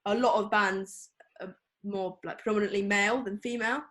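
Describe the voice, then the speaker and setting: A woman's voice: medium pitch, fairly even intonation, fairly quick, a bit bright. Young woman, interview guest, casual and chatty, lots of "like" and "uh". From England. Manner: chatty, full of fillers and quoted dialogue. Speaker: guest photographer. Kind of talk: casual interview over a call.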